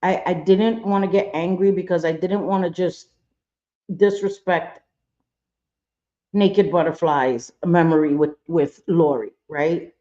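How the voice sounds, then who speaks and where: A woman's voice: on the low side, measured pace, warm tone, dull audio. A woman hosting a livestream, ranting angrily and repeating herself while reading viewer comments. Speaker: livestream host.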